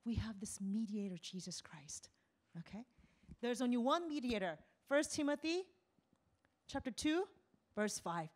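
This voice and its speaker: A woman missionary preaching a lively sermon, asking the congregation questions, acting out voices and dropping to a whisper for emphasis. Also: on the high side, normal speed. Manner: animated, asks the congregation questions, acts out quotes.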